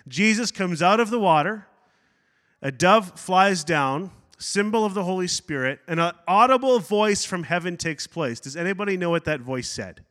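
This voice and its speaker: A man's voice: sits high, lively intonation, moderate pace, fairly bright tone. A man pastor giving a sermon, preaching with energy, adding asides and acting out quotes. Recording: long hall reverb.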